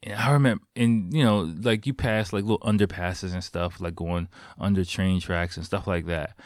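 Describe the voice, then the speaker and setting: A man's voice: low-pitched, steady tone, normal speed, no room sound. A man casually telling rambling, profane stories to the camera, laughing often between his words. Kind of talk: casual storytelling.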